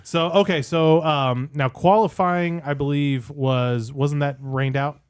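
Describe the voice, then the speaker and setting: A man's voice: fairly high pitch, steady tone, slow, clear, resonant tone, no room sound, studio quality. A man hosting a podcast, steering the casual chat with many ums and restarts. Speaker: podcast host.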